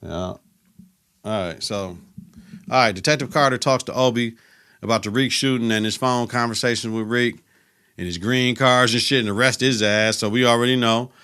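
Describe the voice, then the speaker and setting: A man's voice: medium pitch, normal speed, bright, forceful tone, clear, resonant tone. A man hosting a podcast, retelling a TV episode in a casual, profane, slang-filled way. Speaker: podcast host.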